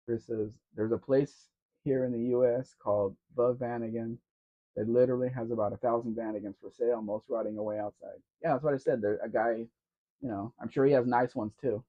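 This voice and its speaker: A man's voice: medium pitch, fairly even intonation, brisk. A man hosting a casual live Q&A stream. He reads out viewer comments and answers them in a chatty, teasing way. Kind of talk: casual livestream chat. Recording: dull lo-fi sound.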